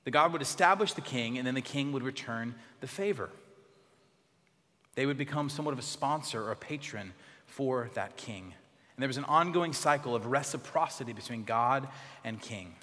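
A pastor preaching a sermon in a church, expressive, dropping to soft tones for emphasis. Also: male voice, mid-range voice, moderate pace, in a large hall.

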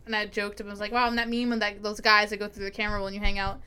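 Young American woman, bright voice, rambling casual chat, lots of "like". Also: mid-range voice, monotone, racing, clean tone. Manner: rambling storyteller with many likes. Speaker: podcast co-host.

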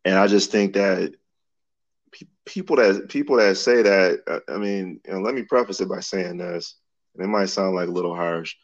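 A man's voice: deep voice, normal speed, highs cut off. A young man co-hosting a podcast in casual chat, giving blunt, frank opinions.

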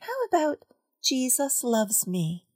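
A woman reading a story aloud, voicing a kind, gentle mother of a little girl in a soft coaxing way. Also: sits high, huge pitch swings, takes it slowly, husky, no room sound, studio quality, heavily acted.

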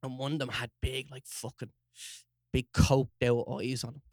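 A young man with a Dublin accent, co-hosting a podcast, telling a story in an animated way, swearing and acting out quotes. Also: mid-range voice, normal speed, no room sound, clean studio sound. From Ireland. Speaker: podcast co-host. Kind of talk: casual storytelling chat.

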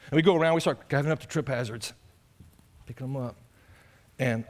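A male pastor preaching an animated, impassioned sermon. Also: medium pitch, fairly quick, pauses often. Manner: animated, impassioned, acts out voices of others.

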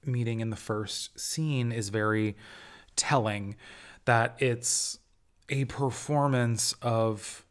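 A man's voice: medium pitch, slow, clean tone. A man hosting a casual solo review podcast, talking in an amused, enthusiastic way with lots of fillers and restarts. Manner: chatty, rambling with many fillers and restarts. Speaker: TV critic podcast host.

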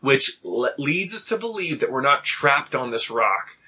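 Talky male podcast co-host, long rambling explanations, bright and slightly husky. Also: medium pitch, big pitch swings, unhurried. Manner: rambling, explains at length, fills with "like" and "right?". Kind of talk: casual chat.

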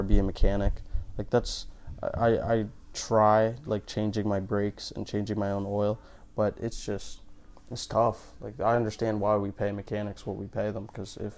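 Comedian dude rambling on a podcast, kinda low voice, keeps tripping over his words. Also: a little mellow. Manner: rambling, stammering restarts. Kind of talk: casual comedic podcast chat.

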